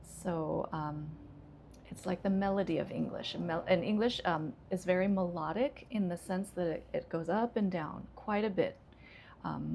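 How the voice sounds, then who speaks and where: A woman ESL teacher, calmly explaining English intonation with frequent fillers. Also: lowish voice, creaky, a little hiss or hum. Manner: relaxed, explains slowly with many fillers.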